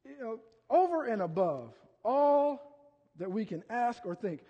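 A middle-aged pastor from Ohio preaching a conversational sermon, telling folksy stories with many asides and fillers. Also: male voice, very high-pitched, very animated, measured pace, dull audio. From Ohio, USA. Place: church sanctuary. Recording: long reverb from a large hall.

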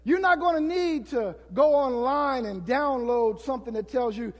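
A man preaching a sermon as pastor, building to shouts and acting out prayers to the congregation. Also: very high-pitched, normal speed, big-room sound.

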